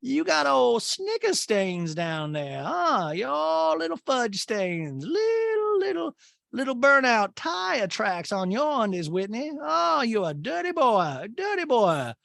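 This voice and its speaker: A comedian putting on the voice of a cruel, snooty older Southern matriarch, drawn out and shrill as she mocks someone. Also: sing-song, creaky, a bit bright, no echo, studio quality, full character voice. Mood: scornful. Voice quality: shrill, drawn-out mocking put-down voice.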